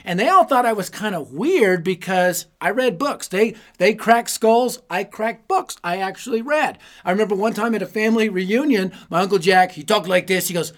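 High-voiced man preaching with comic stories. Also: moderate pace. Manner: animated, self-deprecating, punchy comic timing. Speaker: youth ministry preacher. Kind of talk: humorous storytelling sermon.

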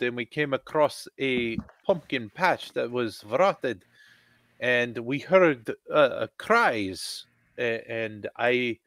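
A man voicing an earnest stranded doctor who speaks in broken, halting English. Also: medium pitch, fairly bright tone, no echo.

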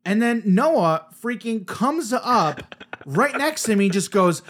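Guy on a podcast retelling his d&d game, voice bounces all over, kinda high for a man. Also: sing-song, slow, fairly bright tone. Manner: rambling, restarts, laughs often. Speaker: podcast co-host, player recounting a game. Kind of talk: casual chat.

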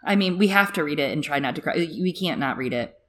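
Lower-voiced woman podcast co-host. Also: lively intonation, fast talker. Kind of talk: casual chat and reading aloud from a book. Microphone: video call.

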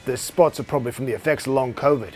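A man's voice: mid-range voice, quick pace, a little mellow, soft background music, lightly acted. A man playing a cheerful pub landlord in a comedy sketch, breezy and matter-of-fact. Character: cheerful English pub landlord, male adult.

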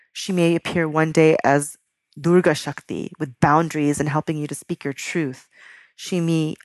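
A woman working as a spiritual teacher who leads a slow, soothing guided meditation and chants mantras. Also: low voice, vocal fry, no echo, studio quality.

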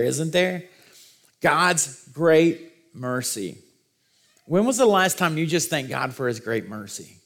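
Man, pastor, sermon, gravelly, slightly higher voice, earnest storytelling. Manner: storytelling preacher, earnest with self-deprecating humor.

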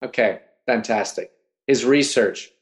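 A man hosting an online talk, coaching in an energetic way and often checking in with his listeners. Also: mid-range voice, measured pace. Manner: energetic, coaching, keeps asking "right?". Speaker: host and speech coach.

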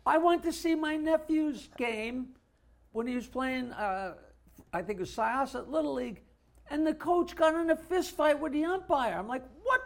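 A man's voice: extremely high pitch, moderate pace, creaky. An older man from Long Island, co-hosting a casual chat, rambling through stories and laughing partway through them. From Long Island, New York. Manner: rambling storyteller, laughs mid-story, restarts often. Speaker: co-host.

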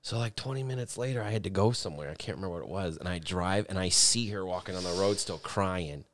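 A man's voice: deep voice, quick pace, fairly bright tone, slight background noise. A man telling a long, rambling, profane story in a casual chat with friends.

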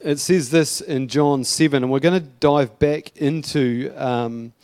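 A man's voice: mid-range voice, measured pace, a little mellow, clear, resonant tone, no echo. A male pastor preaching a sermon in a casual, chatty way, with asides and light humour.

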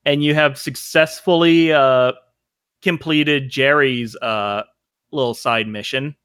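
A man narrating as game master in a tabletop game, halting with many fillers, his throat a little itchy. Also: medium pitch, steady tone, a bit bright, clean tone, no room sound, studio quality.

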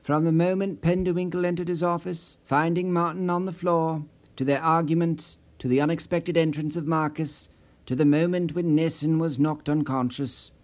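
A man reading a story in steady, measured scripted narration. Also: on the high side. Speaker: audiobook narrator.

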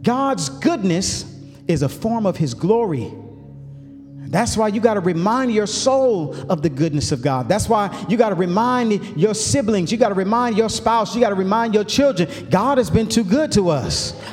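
A male pastor preaching a sermon, building up to shouts, with folksy asides. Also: sits high, lively intonation, moderate pace, long reverb tail, soft background music.

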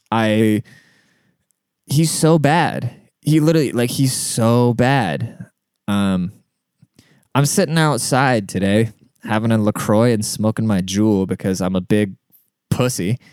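Smooth, dry-voiced man rambling casually. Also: fairly low pitch, darkish tone, no echo. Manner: rambling, profane, with frequent fillers and asides. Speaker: podcast host. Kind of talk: casual monologue. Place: outdoors.

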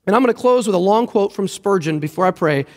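A man's voice: high voice, animated, fast, a little mellow. A man preaching a sermon as pastor, earnest and emphatic, repeating key phrases for weight.

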